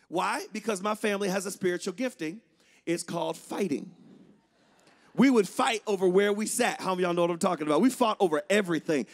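A man preaching as a guest speaker, telling a lively story and swinging between loud shouts and hushed lines. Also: sits high, fast. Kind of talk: sermon with storytelling.

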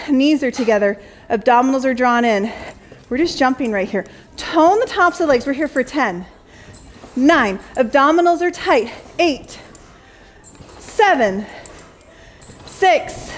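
There's slight background noise as a young adult woman cues her Pilates jump board class. Her voice is high, and she counts reps and cheers while a bit out of breath.

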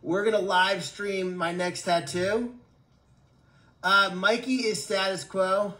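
High-voiced joking man chatting on livestream. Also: steady tone, slow pace, bright, forceful tone. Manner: joking, rambling, with stammered restarts. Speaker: animal sanctuary livestream host. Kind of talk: casual livestream chat answering viewer comments.

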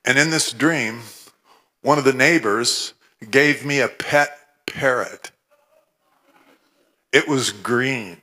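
A man from Oregon giving a humorous, animated testimony sermon, with scripture recited fervently. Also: medium pitch, slow pace, pauses often. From Oregon, USA. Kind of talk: storytelling sermon.

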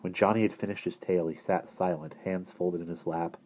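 A man with a husky voice narrating a children's novel in a lively storytelling manner. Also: low voice, fairly quick, lo-fi sound, slight background noise. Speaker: audiobook reader.

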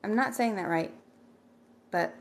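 A woman's voice: medium pitch, a little slow, vocal fry, a little hiss or hum. A middle-aged woman chatting casually on a livestream, rambling and thanking viewers by name as she reads their comments.

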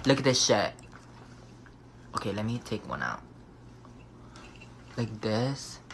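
Sassy young man, lively swooping pitch. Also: slow, gravelly, slight background noise. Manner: sassy, profane, dramatic shrieks and gasps. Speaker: vlogger. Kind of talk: casual vlog chat.

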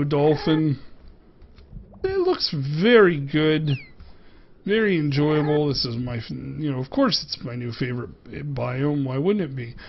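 A man's voice: fairly high pitch, highs cut off, a little hiss or hum. A man with a Pittsburgh accent giving casual gameplay commentary as a game reviewer, chatting playfully to the animals he passes.

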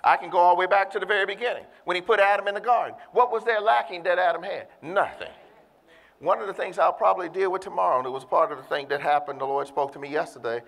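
A man with a high voice preaches a sermon in a church. He speaks emphatically and calls out to his listeners, drawing out the words he wants to land. The sound carries a long hall reverb. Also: vocal fry, a bit bright. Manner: emphatic, calls out to the congregation, slows down to stress key words.

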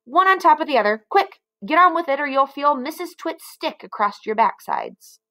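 A woman's voice: sits high, very animated, moderate pace, bright, forceful tone, pitched above the performer's own voice, exaggerated voice. A woman voicing a nasty old man who barks orders at his animals. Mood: barking. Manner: barking, bossy.

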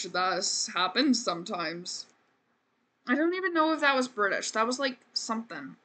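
A woman streamer plays a life-sim game while giving casual, chatty, self-deprecating commentary, saying "man" and "frickin'" a lot. Her voice is a little high, very animated, bright and forceful at a moderate pace.

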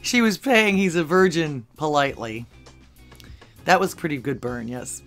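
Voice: mid-range voice, very animated, moderate pace, fairly bright tone, faint music behind. A channel host at home in Texas, reading funny social media posts aloud and adding dry asides between them, with chuckles at the jokes.

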